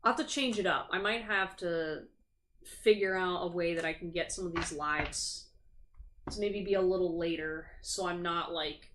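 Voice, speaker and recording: A woman's voice: fairly low pitch, normal speed, a bit bright, slight background noise. A woman hosting a tarot livestream, chatting casually, frank and sympathetic, swearing freely. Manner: sympathetic and sassy. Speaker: tarot reader and livestream host. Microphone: streaming setup.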